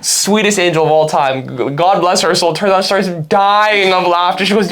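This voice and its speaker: A young man from Canada co-hosting a podcast, telling stories in a lively way and laughing along as he goes. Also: high voice, moderate pace, hardly any pauses. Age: young adult. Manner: animated storyteller, laughs through his story. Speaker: podcast co-host. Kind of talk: casual chat.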